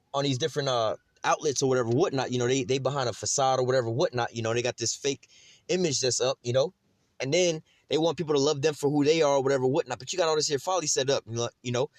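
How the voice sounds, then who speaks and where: A man rattles off a loose, street-level Bible commentary at a quick clip, blunt and peppered with slang and swearing. His voice sits in an ordinary middle register, and the sound is close and dry with no room around it. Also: mid-range voice, no echo. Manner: rambling and blunt, with slang and profanity; repeats "whatever, whatnot" and "you see what I'm saying". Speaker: religious teacher. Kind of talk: casual scripture commentary.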